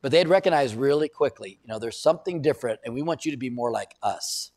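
A man's voice: medium pitch, expressive, fast talker, darkish tone. A middle-aged male pastor preaching a sermon in a conversational way, building to emphatic bursts.

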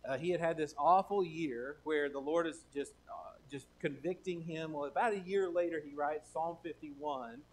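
A man's voice: on the high side, moderate pace, slight background noise, poor audio. A man preaching a sermon as pastor, emphatic, repeating key phrases and restarting often.

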